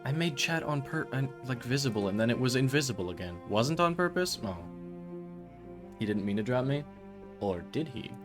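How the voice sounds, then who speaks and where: A man's voice: mid-range voice, expressive, moderate pace, over music. A man streaming a game, chatting to viewers in a rambling, self-mocking way. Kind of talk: casual live-stream chatter.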